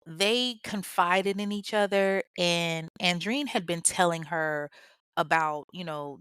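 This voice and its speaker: A woman's voice: lowish voice, fairly bright tone, no echo. A woman hosting a podcast, casually recounting a true-crime case, chatty and blunt, swearing freely and talking straight to her listeners. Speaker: podcast host.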